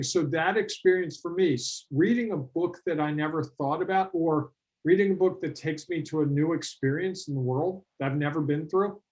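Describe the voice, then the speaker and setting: A middle-aged man leads a business workshop in a relaxed, talky way, with a voice pitched a little above the usual for men. He tells stories and slips into the voices of the clients he quotes. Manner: animated storytelling, acts out quoted clients. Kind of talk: conversational workshop talk.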